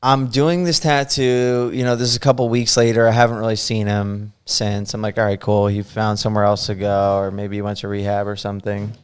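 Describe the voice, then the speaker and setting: A young man telling a funny story on a podcast in casual chat, animated and often laughing as he acts out the quotes. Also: lowish voice, fairly quick, few pauses, smooth.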